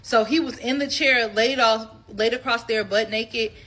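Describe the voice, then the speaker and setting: A woman in her twenties casually telling a personal story to her viewers, candid, animated and freely profane. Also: a little high, measured pace. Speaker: storytime vlogger.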